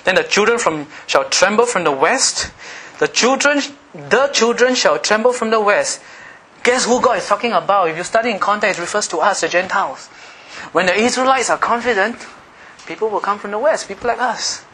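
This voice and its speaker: Animated middle-aged male preacher, bright voice. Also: high-pitched, fairly quick, a little hiss or hum. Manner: animated preaching, swinging between loud emphatic passages and soft asides. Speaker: pastor. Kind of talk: sermon.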